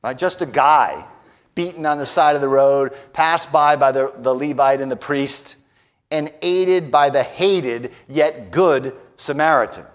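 A man preaching a sermon who often tags his points with a quick question and swings between hushed lines and raised declarations. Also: mid-range voice. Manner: emphatic, often adds a tag question "right?".

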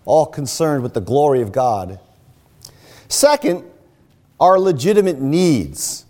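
A man's voice: fairly high pitch, very animated, unhurried, darkish tone. A man preaching a sermon, explaining a scripture passage step by step.

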